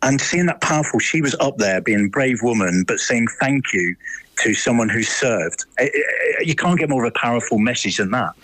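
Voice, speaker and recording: A man's voice: medium pitch, very animated, moderate pace, fairly bright tone, no echo, low-quality recording. A man speaking as a radio interview guest by phone, earnest and emphatic, often restarting his sentences. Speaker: guest, awards co-founder. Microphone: phone line.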